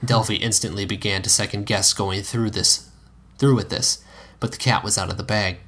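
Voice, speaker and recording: A man reading a piece of fan fiction aloud in a steady storytelling manner, now and then correcting himself. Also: on the low side, normal speed. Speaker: narrator.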